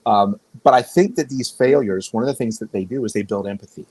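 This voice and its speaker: A man's voice: fairly low pitch, brisk, darkish tone, husky, dry recording, low-quality recording. A man speaking as a guest in a casual conversation, his voice recorded close and dry with no room around it. He rambles through his stories and often stops to restart a sentence. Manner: rambling, self-correcting storyteller. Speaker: podcast guest.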